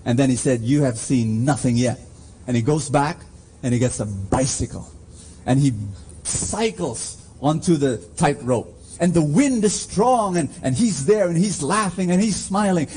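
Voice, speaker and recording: Slow, mellow-voiced male preacher. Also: fairly high pitch, lively intonation, breathy edge. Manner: slow, emphatic preaching with call-and-response. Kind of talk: sermon. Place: church.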